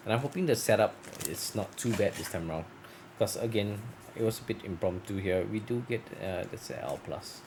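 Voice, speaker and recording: A man's voice: lowish voice, animated, a little fast, few pauses. A man chatting casually while opening card packs, rambling and correcting himself, his voice turning scratchy from long talking. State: voice getting scratchy. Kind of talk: casual unboxing chat.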